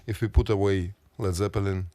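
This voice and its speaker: A man who speaks Russian as his first language, interviewing a guest on the radio in English with halting, simple phrasing. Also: deep voice, steady tone, dark tone, dry recording.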